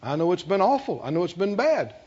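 A man preaching a storytelling sermon that draws call-and-response from the congregation, with slow, drawn-out phrases that build into shouted chanting. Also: high-pitched, very animated, breathy edge, dull audio.

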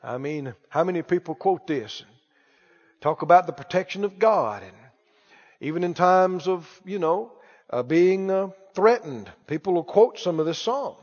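High-voiced male preacher in echoey hall. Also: lively intonation, normal speed, darkish tone, dull audio. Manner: exhorting, quizzes the congregation. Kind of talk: sermon.

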